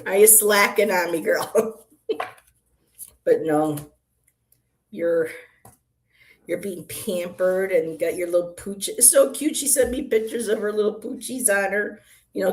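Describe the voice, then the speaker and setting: Her voice is lowish and her pace measured, with long pauses. She's a tarot reader hosting a casual livestream in an apartment room, greeting viewers by name, reading cards, rambling and laughing often.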